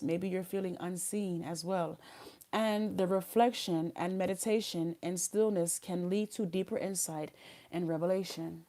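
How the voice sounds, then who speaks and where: A tarot reader with a medium-pitched, dark-toned voice hosts a live session, reading card messages aloud while chatting casually in slang.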